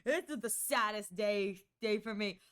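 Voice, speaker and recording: A young woman streamer telling stories in casual chat, animated, with squeals and lots of "like". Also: mid-range voice, a little slow, smooth. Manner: animated storytelling with squeals and many "like"s.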